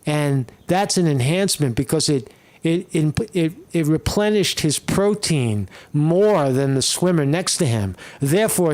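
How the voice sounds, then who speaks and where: Male live-stream host, slightly higher pitch, blunt, profane, rambling. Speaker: political commentary streamer.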